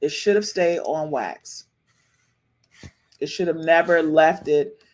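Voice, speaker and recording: A woman hosting a live-stream podcast in casual chat, animated and sassy, repeating herself often. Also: low voice, takes it slowly. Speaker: podcast host.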